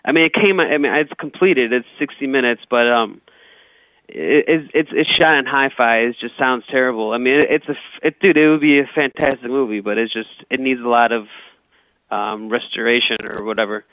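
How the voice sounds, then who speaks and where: A man's voice: mid-range voice, fairly quick, no echo. Rambling stammering man on a phone line. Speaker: comedian guest. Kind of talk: casual comedic storytelling.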